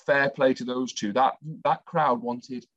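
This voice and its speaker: A man's voice: medium pitch, fairly even intonation, unhurried, a bit bright, dry recording. A man co-hosting a talk show, telling stories keenly in casual chat. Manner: enthusiastic storyteller, chatty. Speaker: co-host, former athlete. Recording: dry, slightly dull sound.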